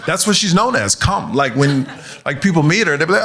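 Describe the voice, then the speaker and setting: A man doing a stand-up set on stage, an animated storyteller who laughs as he talks. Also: on the high side, brisk. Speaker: stand-up comedian. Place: comedy club stage before a live audience. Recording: live set with audible crowd noise.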